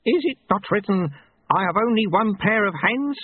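A man's voice: high voice, expressive, moderate pace, husky, no echo, pitched above the performer's own voice. A man doing a wry, sly old monk. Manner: mild, knowing, quoting sayings. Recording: tinny phone-like audio.

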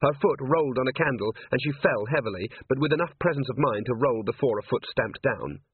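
A man narrating an audiobook in a lively, expressive manner. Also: medium pitch, fairly quick, slightly rough, no echo. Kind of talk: audiobook reading. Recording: tinny phone-like sound, dry.

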